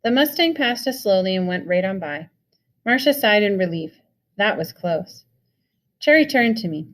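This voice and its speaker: A woman's voice: mid-range voice, animated, moderate pace. Woman reading a novel aloud. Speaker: reader.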